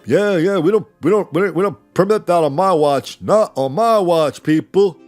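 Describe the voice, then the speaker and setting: A man's voice: high-pitched, normal speed, darkish tone, faint music behind, pitched above the performer's own voice, lightly acted. A man voicing a blustering male city mayor in a mocking, repetitive way.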